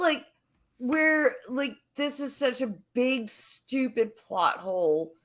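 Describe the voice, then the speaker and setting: A woman's voice: high-pitched, expressive, takes it slowly. A woman in a casual group chat who rambles, with lots of filler words and some casual swearing. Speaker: guest.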